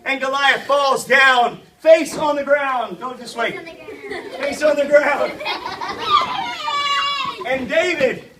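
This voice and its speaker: A children's minister leading a lively Bible lesson for kids, calling out for the group to repeat lines and join in. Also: high voice, slow, pauses often. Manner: energetic, calls for audience responses. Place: church kids' meeting room with children present. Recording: echoey room, voice from a distance, loud crowd and noise. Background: children responding and crowd noise.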